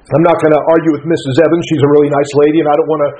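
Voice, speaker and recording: A man's voice: on the high side, little pitch movement, rapid-fire, darkish tone, rough recording. A middle-aged man, a pastor telling his life story in a folksy, earnest way that keeps correcting itself, heard in a radio broadcast. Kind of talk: personal storytelling talk.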